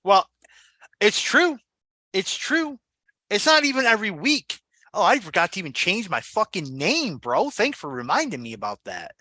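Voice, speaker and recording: A man's voice: sits high, sing-song, a little fast, pushed and bright, dry recording. A man co-hosting a casual wrestling podcast, brash and boastful, swearing a lot. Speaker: podcast co-host. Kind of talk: casual profane podcast chat.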